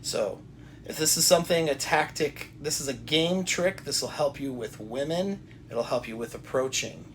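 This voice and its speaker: A man talking straight to the camera with coaching advice, deliberate and repetitive, often restarting his sentences. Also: on the high side, expressive, slight background noise. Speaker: self-help coach. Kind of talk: direct-to-camera advice talk.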